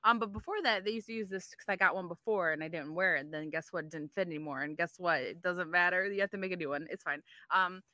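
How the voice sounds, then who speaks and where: A woman co-hosting a podcast, telling a story in casual chat, animated and swearing freely as she acts out dialogue. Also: fairly low pitch, quick pace, few pauses, no room sound, studio quality. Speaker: podcast co-host.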